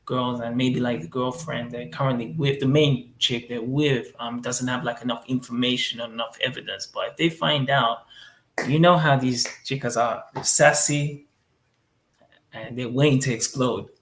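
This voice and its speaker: Laid-back gravelly man in echoey room. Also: mid-range voice, steady tone, moderate pace, fairly bright tone, slight background noise. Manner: laid-back, rambling with many fillers. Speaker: interview guest living abroad. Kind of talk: casual interview answers. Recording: roomy echo.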